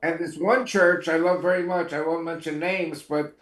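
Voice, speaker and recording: A man's voice: fairly high pitch, fairly even intonation, moderate pace, fairly bright tone. Man with earnest, wry talk in an echoey room. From Israel. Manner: earnest, wry asides, hesitant fillers. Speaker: guest. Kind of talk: casual interview talk.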